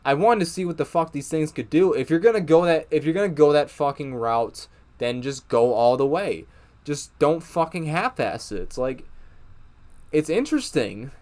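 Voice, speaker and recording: A man's voice: a little high, sing-song, moderate pace, darkish tone. A young man giving a casual, profane, exasperated review of a TV episode, with many fillers and restarts. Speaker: TV show reviewer.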